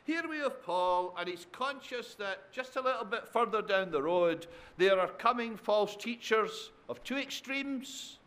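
A man's voice: high-pitched, a little slow, few pauses, fairly bright tone. A man preaching a sermon, repeating phrases for effect, asking the congregation tag questions and calling them his dear friends. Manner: addresses listeners as dear friends.

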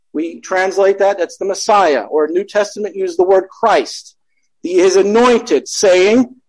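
A man's voice: high voice, a little mellow, poor audio. A man teaching a Bible study in a conversational way, reading scripture aloud and correcting himself as he goes.

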